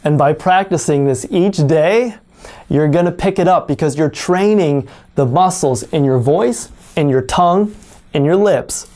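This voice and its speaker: A native English speaker teaching pronunciation in an online lesson, speaking deliberately and exaggerating sounds to demonstrate them. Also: medium pitch, warm tone.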